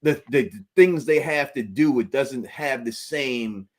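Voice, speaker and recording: A man hosting a casual call-in livestream, animated and quick to laugh, often tripping over his words. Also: medium pitch. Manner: animated, laughs often, stammers through restarts. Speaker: livestream host.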